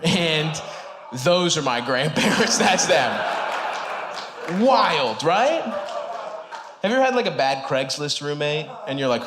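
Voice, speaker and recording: A man doing a stand-up comedy set on a club stage, talking casually to the crowd, often laughing and punching lines up loud. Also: a little high, big pitch swings, slow, long pauses. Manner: conversational, breaks into laughter, punches up lines with sudden loud jumps. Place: comedy club stage before a live audience.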